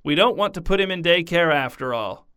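A woman's voice: fairly low pitch, lively intonation, brisk, a bit bright, smooth, voice pushed up. A man voicing a curt, matter-of-fact mother who has come to collect her son.

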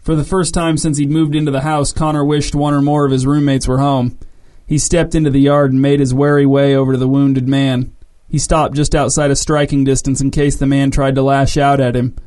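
A man narrating a story in an even, measured way. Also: mid-range voice.

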